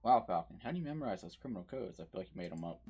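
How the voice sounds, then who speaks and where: A man's voice: low-pitched, lively intonation, racing, warm tone, slightly rough, faint music behind, heavily acted. A man voicing a curious, chatty young male bird sidekick.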